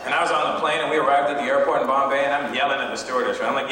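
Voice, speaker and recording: A man's voice: medium pitch, steady tone, rapid-fire, hardly any pauses, sharp tone. A man from Canada doing stand-up comedy on stage in a hall, brash and self-mocking, slipping in and out of impressions. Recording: echoey hall from far off, noisy old tape.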